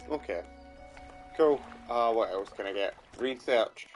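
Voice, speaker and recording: A man's voice: medium pitch, lively intonation, measured pace, faint music behind. A Scottish man giving casual let's play commentary, muttering and swearing as he plays. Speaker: gaming streamer.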